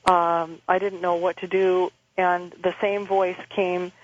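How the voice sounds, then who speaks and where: A woman's voice: fairly low pitch, flat delivery, slight background noise. Earnest woman on a muffled phone line. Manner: earnest, halting, with frequent restarts. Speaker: radio show guest. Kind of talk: personal testimony over the phone. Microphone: telephone.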